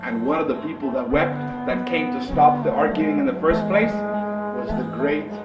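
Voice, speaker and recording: A preacher telling a story in an animated, dramatic way and acting out the characters, in an echoey, distant, muffled recording with music behind. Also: male voice, a little high, a little fast.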